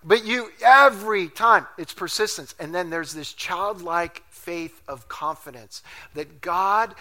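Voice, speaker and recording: A pastor preaching a storytelling sermon at a church service, animated and self-deprecating, laughing often as he talks. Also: high voice. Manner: laughs often while talking.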